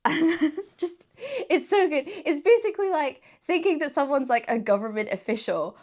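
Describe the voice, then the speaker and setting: A woman's voice: sits high, animated, moderate pace, a little mellow. Giggly, gushing young woman. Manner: enthusiastic, giggles often between sentences. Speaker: book reviewer. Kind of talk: casual chat.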